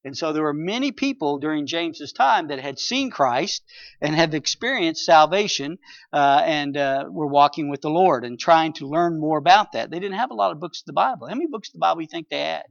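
Hoarse man leading a Bible study. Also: fairly high pitch, animated, a little fast, no echo, highs cut off. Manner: plain teaching with fillers and prayer. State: hoarse, raspy voice. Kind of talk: evening Bible study teaching.

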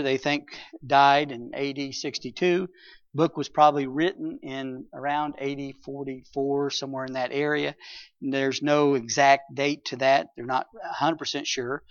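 A hoarse man with a raspy voice, leading an evening Bible study, reading scripture and praying with the group. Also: fairly high pitch, a bit bright, no room sound, dull audio. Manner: plain teaching with fillers and prayer.

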